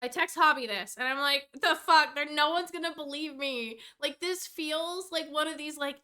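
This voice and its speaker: Young woman, high-pitched, bright tone, exasperated storytime rant, rambling, swears a lot. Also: moderate pace. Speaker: vlogger.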